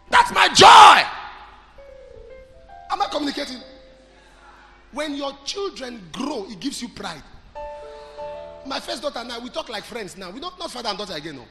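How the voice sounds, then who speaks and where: A Nigerian-accented male preacher with a high, very lively voice that leaps from shouting to near-murmuring. His sermon rings through a big hall with a long echo, and music plays underneath. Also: brisk, long pauses. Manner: swings from shouting to soft storytelling, asks the crowd questions. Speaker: pastor. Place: church hall. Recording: large hall with reverb and music behind.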